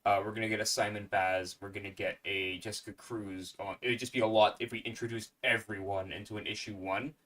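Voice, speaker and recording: Low-voiced man thinking aloud. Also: little pitch movement, fairly quick, hardly any pauses, a bit bright. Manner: speculative, thinks aloud with restarts. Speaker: guest. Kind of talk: casual chat.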